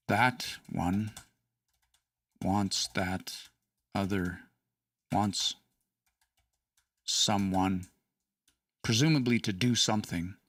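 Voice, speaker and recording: A man's voice: on the low side, a bit bright, no room sound, recorded from a distance. A man teaching language casually on a livestream, chatty, laughing and reading out chat comments.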